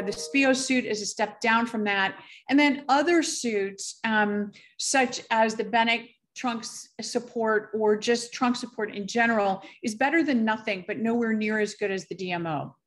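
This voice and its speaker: A middle-aged woman physician gives a conference presentation in a slightly high voice. She speaks in a measured, careful way, with frequent fillers and pauses.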